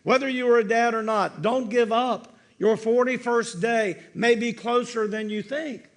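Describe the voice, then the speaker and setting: Slow, earnest preaching man. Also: extremely high pitch, fairly even intonation. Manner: slow, earnest preaching with soft, dropping line endings. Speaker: pastor. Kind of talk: sermon.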